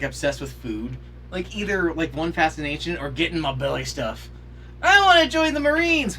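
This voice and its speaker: Animated, bright-voiced sarcastic man. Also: a little high, slight background noise. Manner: sarcastic, swearing, with bursts of mock outrage. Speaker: podcast co-host. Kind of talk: reading out humorous episode reactions. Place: podcast studio.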